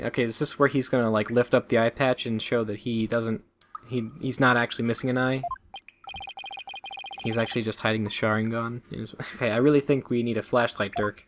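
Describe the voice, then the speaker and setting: A man's voice: mid-range voice, normal speed, noisy background. A man hosting a let's play, reading the game's dialogue aloud casually, stumbling over words and cracking jokes. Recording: game music under the voice.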